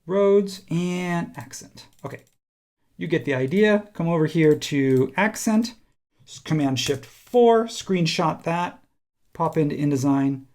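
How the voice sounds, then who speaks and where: Gravelly man talking through a tutorial. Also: fairly high pitch, slow pace. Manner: relaxed, thinking aloud while working. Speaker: instructor. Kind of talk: screen-recorded software tutorial.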